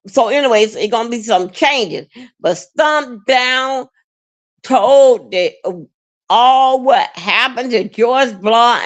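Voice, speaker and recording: A woman hosting a livestream, rambling in a halting, repetitive way with many fillers and plenty of emotion. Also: on the high side. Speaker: livestream host. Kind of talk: rambling live-stream monologue.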